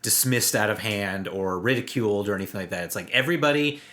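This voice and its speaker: A man's voice: on the low side, fast, sharp tone. A man co-hosting a casual podcast chat who drops dry, joking asides. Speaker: podcast co-host.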